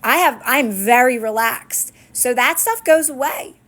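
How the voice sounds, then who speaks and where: A woman's voice: high voice, unhurried, a bit bright. A woman coaching her viewers during a live stream, earnest and encouraging, often checking in with "right?" and "guess what?". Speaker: manifestation coach. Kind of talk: live-stream talk answering viewers' comments.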